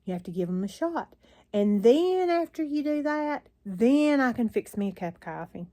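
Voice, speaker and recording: A woman's voice: on the high side, big pitch swings, normal speed, mellow. An older woman vlogging into her phone, chatting in a rambling, weary way with frequent sighs. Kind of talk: casual chat to camera.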